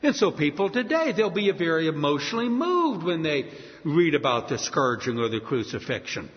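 Male preacher, lively swooping intonation, emphatic sermon delivery, lo-fi hall recording. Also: fairly high pitch. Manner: emphatic, dramatic preaching with slow stressed repetitions. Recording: reverberant hall, dull lo-fi sound.

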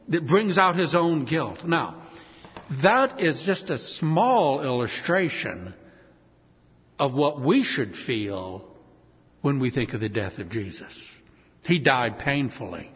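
A man's voice: on the high side, long reverb tail, muffled recording. A middle-aged man preaching a sermon, telling a story with feeling and acting out the voices in it. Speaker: pastor.

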